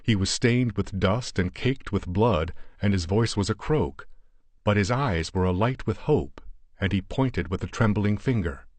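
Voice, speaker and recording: A man narrating a horror story as an audiobook, in a measured, deliberate way. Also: lowish voice, a little mellow, dry recording.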